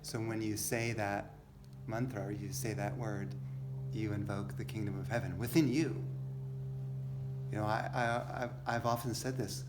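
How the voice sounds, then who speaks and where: A man teaching a relaxed spiritual class to a live group, gentle and unhurried, laughing easily. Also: on the low side, noisy background. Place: church hall with a live group. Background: guitar music.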